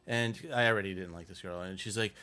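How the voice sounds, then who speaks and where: A young man co-hosting a comedy podcast, telling stories with dry, deadpan punchlines. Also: low voice, quick pace, clear, resonant tone. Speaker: podcast co-host. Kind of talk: casual comedic chat.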